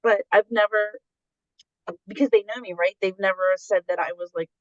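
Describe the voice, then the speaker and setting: A woman's voice: medium pitch, fairly even intonation, normal speed, dry recording, lo-fi sound. A middle-aged woman telling stories candidly in a casual conversation, acting out the voices of the people she quotes. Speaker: guest.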